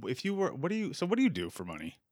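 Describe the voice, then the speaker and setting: A man's voice: fairly high pitch, wildly swooping pitch, racing, darkish tone, no echo, studio quality. A young American man hosting a podcast, chatting casually and animatedly, swearing and acting out the voices he quotes. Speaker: podcast host. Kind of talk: casual chat.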